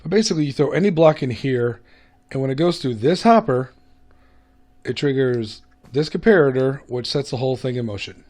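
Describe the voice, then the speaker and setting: A man's voice: medium pitch, brisk, a little mellow. A man hosting a gaming video, giving casual gameplay commentary in a chatty, self-mocking way. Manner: chatty, self-mocking, hums and laughs to himself.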